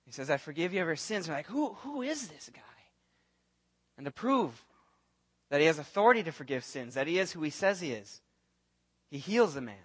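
A man preaching a sermon as pastor, telling the story in an earnest, animated way and acting out the voices of the people in it. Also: fairly high pitch, brisk.

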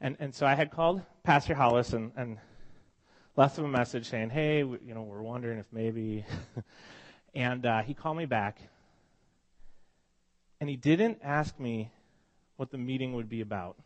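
Pastor with a cold, mid-pitched male voice, casual storytelling sermon with frequent restarts. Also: a little slow, long pauses. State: has a cold. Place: church congregation meeting in a school.

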